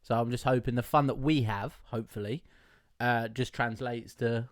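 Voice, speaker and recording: A man's voice: medium pitch, steady tone, moderate pace, no echo, clean studio sound. A man co-hosting a podcast, full of cheeky, rambling banter. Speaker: podcast co-host. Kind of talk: casual chat.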